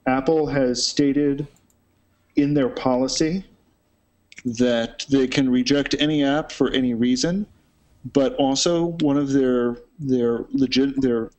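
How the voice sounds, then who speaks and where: A man's voice: medium pitch, unhurried, darkish tone. A man hosting a casual tech panel chat, opinionated and full of fillers.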